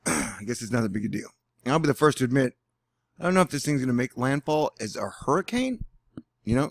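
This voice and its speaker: Brief: male vlogger, gravelly, dry close sound, sarcastic and rambling. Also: mid-range voice, no room sound. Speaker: weather vlogger. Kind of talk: casual vlog commentary. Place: indoors at home.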